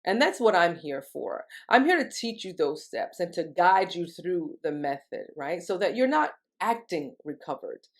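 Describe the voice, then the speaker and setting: A woman's voice: on the low side, sing-song, normal speed, hardly any pauses. A woman, a grief recovery specialist, explaining step by step in an educational monologue and often asking "right?" to check in with the listener. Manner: acts out quoted speech in a livelier voice.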